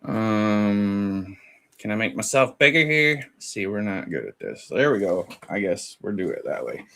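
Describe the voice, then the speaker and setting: A man's voice: lowish voice, sing-song, unhurried, creaky, fairly bright tone. Chatty laughing man retelling online drama. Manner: chatty, laughing, retells chats in quoted voices. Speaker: commentary channel host. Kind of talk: casual drama commentary.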